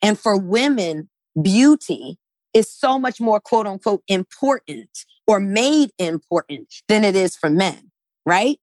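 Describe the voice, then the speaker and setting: A woman's voice: mid-range voice, expressive, measured pace, darkish tone, dry recording. Woman guest in a conversation, emphatic, keeps tagging points with "right?", mid-range voice, close dry sound. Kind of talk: conversational discussion.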